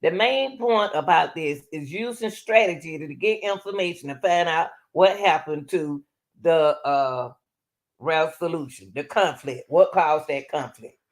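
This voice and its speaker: A woman's voice: sits low, a little slow. A woman host talking casually and explaining step by step as she comments on a recorded call.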